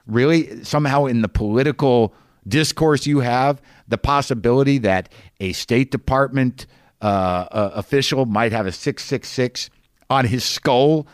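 A man hosting a podcast, telling a rambling, incredulous comic story with quick restarts. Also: mid-range voice, dry recording, studio quality. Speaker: podcast host.

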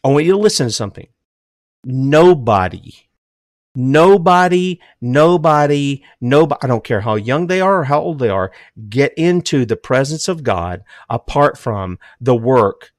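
An older man gives an impassioned sermon, speaking at an ordinary middle pitch and declaring that he is emotional. He alternates fervent, loud, emphatic lines with low, hushed ones, and the audio sounds close and dry, lacking any room echo.

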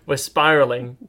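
A man's voice: mid-range voice, sharp tone. A man co-hosting a comedy podcast, playful and giggly, chatting casually and joking about accents. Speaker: podcast co-host.

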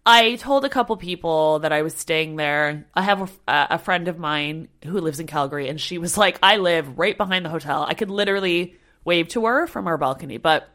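A woman co-hosting a casual travel chat, telling a story with lively acted-out quotes. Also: sits low, moderate pace. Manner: animated storyteller, acts out quotes. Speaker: podcast co-host.

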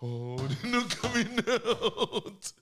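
Laughing animated man telling stories. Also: sits high, extremely slow, a little hiss or hum. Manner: animated, laughs often, acts out quotes. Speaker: podcast co-host. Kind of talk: casual storytelling chat.

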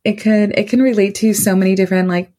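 A woman's voice: mid-range voice, steady tone, fast, mellow. A woman guest on a podcast, telling a personal story in a loose, rambling way full of fillers.

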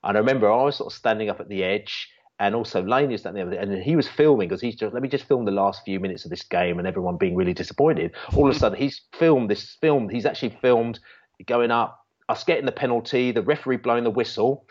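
With a medium-pitched, darkish voice and a quick pace, a man guesting on a football fan channel rambles through a long fan story. The casual chat is peppered with restarts and fillers, recorded in dull lo-fi sound.

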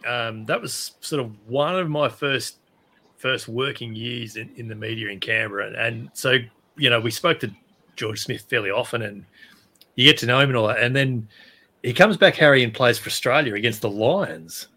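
A man hosting a podcast, chatting casually and acting out quotes with animation. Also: normal speed. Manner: animated, acts out quotes in higher voice. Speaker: podcast host. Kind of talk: casual chat.

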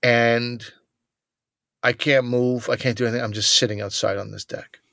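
Animated storytelling man, dry sound. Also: mid-range voice, normal speed, creaky, dry recording. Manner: animated storyteller who acts out other people's lines. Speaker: podcast co-host. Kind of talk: casual chat, comic storytelling.

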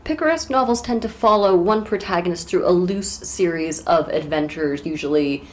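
Woman podcast co-host, lowish voice, wry and casual. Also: normal speed, a little mellow. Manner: wry, joking asides. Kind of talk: casual book discussion.

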